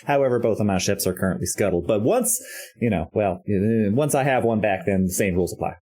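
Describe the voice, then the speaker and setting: A man voicing a courteous woman freighter captain, formal and measured. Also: fairly low pitch, lively intonation, dark tone, breathy edge, pitched below the performer's own voice.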